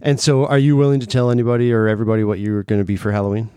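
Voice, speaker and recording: A man's voice: fairly low pitch, level tone, rapid-fire, dark tone, clear, resonant tone, no echo, clean studio sound. A middle-aged man and father hosting a podcast, chatting casually in a playful, teasing way. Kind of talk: casual family chat.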